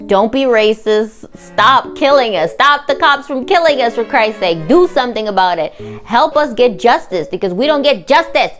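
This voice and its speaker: A woman hosting a reaction vlog, talking in a heated, indignant and sarcastic way. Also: mid-range voice. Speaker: reaction channel host. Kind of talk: angry commentary vlog.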